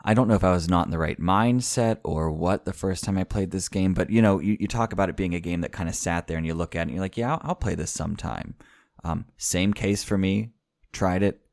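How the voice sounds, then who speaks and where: A man's voice: deep voice, steady tone, a little fast, a little mellow, no echo, clean studio sound. A man co-hosting a casual podcast, easygoing and joking, now and then reading a written review. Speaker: podcast co-host.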